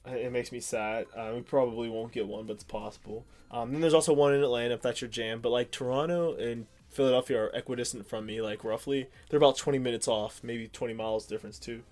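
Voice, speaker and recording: A man's voice: mid-range voice, fairly even intonation, fast talker, few pauses, a little mellow, faint music behind. A young man from the Pittsburgh area co-hosting a podcast, rambling casually with lots of ums and restarts. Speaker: podcast co-host. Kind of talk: casual chat.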